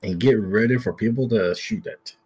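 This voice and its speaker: A man playing a tabletop game, terse and deadpan in his replies. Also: lowish voice, normal speed, husky. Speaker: player. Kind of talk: casual tabletop game chat.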